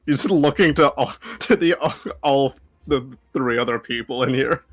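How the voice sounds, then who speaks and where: A man's voice: mid-range voice, normal speed. A man playing a tabletop game, rambling through plans with many likes and restarts. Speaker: player. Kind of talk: casual tabletop play.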